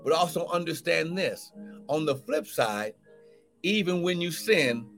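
A man preaches with a high, ringing voice, reading scripture aloud and pressing his point again and again. He bursts into shouts and exclamations as he exhorts his listeners. Faint music plays underneath. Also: lively intonation, unhurried, creaky. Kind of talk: live-streamed sermon.

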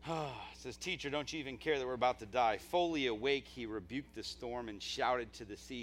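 A male pastor preaching at a church service, impassioned, dropping to quiet asides and then rising to near-shouts. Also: mid-range voice, expressive, normal speed. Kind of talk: live sermon.

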